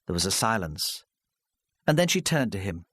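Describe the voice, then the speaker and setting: A man's voice: on the low side, very animated, normal speed, fairly bright tone, breathy edge, dry recording, clean studio sound. A man reading a crime novel aloud as a narrator, telling the story expressively. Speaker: audiobook narrator. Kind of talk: scripted audiobook narration.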